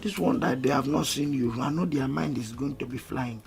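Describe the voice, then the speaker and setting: A man's voice: medium pitch, a little fast, gravelly, close to an everyday voice. An actor with a Nigerian Pidgin accent playing a nervous, hesitant young man hiding his girlfriend. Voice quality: hesitant, timid. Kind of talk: film comedy acting. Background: film score music.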